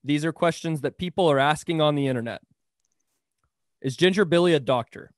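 A man's voice: fairly high pitch, fairly quick, dry recording, studio quality. A man hosting a casual podcast interview, asking questions in an easygoing, upbeat way. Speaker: podcast host.

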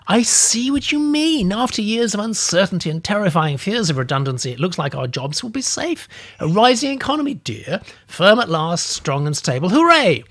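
A man's voice: high voice, big pitch swings, moderate pace, a bit bright, voice pushed up, exaggerated voice. A man voicing an idle, gin-soaked older woman office worker, prim and huffy, in a raised voice.

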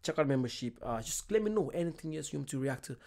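A man's voice: fairly high pitch, expressive, quick pace, vocal fry, darkish tone. A man chatting casually as he reacts to a comedy clip, apologetic and enthusiastic. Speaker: reaction video host.

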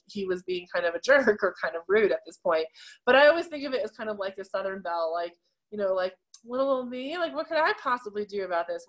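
A woman teaching an adult confirmation class, explaining scripture in a relaxed, chatty way with many fillers. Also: medium pitch. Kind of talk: casual teaching talk on scripture.

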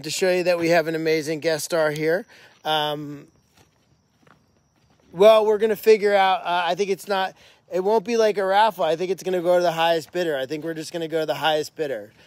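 Man, fairly high voice, casual livestream, enthusiastic, rambling, filler words, outdoors, phone mic. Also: no room sound. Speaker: animal sanctuary host. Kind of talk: casual live stream. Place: outdoors at a farm animal sanctuary at night.

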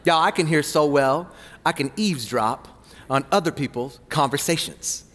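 Male pastor, high voice, playful animated sermon, reverberant church hall. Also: moderate pace. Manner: playful, animated storytelling with asides to the congregation.

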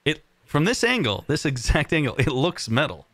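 A man co-hosting a casual live stream, reading viewer questions and doing a joking sponsor pitch. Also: very animated, normal speed, fairly bright tone, dry recording. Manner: upbeat, joking. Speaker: co-host.

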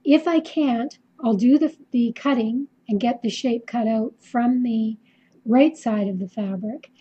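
A woman's voice: a little high, measured pace, husky, lo-fi sound. Chatty Canadian woman hosting a quilting stream. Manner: chatty, many ums and restarts. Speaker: quilting teacher hosting a live video. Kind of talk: casual live-stream tutorial.

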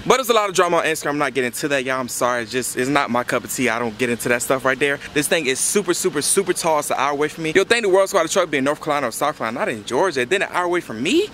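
A young man with a drawl talks to his viewers in a casual vlog. He speaks very fast, often calling them y'all, and his voice sits a little high for a man. Faint background noise sits under his voice. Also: lively intonation, fairly bright tone. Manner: fast-talking, says y'all a lot. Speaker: truck vlogger. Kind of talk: casual vlog talk to camera.

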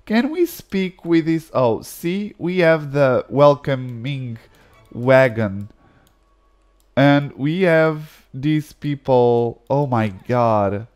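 Slow-talking man narrating his game. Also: medium pitch. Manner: animated, exclaims and reads game text aloud. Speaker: gaming video creator. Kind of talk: casual let's-play commentary.

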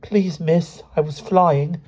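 A man's voice: on the high side, steady tone, takes it slowly, darkish tone, pitched above the performer's own voice. A man voicing a young schoolboy who stammers shyly in a raised voice. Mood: timid. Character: young schoolboy, excited and sheepish.

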